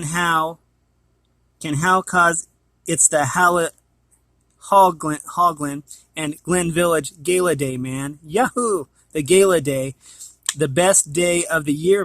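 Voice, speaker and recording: A man reading a storybook aloud in a put-on Scottish accent, loud and dramatic. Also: a little high, no room sound.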